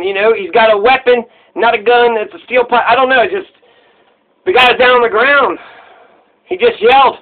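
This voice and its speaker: A man giving a rambling, profane casual monologue on recent news, often restarting his thoughts. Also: very high-pitched. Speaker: commentator. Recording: tinny phone-like recording.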